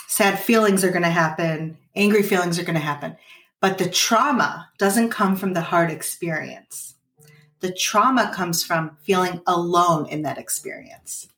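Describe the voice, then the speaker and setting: A woman's voice: low voice, distant mic. A woman in her thirties, a parent coach giving earnest advice in a podcast conversation. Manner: earnest, gently coaching, acts out parent and child lines. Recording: roomy, off-mic sound.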